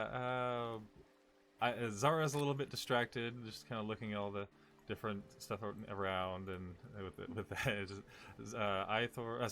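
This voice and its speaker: A man's voice: fairly low pitch, bright, forceful tone, slight background noise. A man narrating as game master, rambling with laughing self-corrections.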